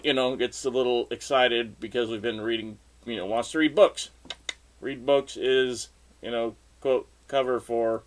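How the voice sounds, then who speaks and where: A guitarist telling an unscripted story in a loose, rambling way, laughing often and acting out what people said. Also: male voice, mid-range voice, moderate pace.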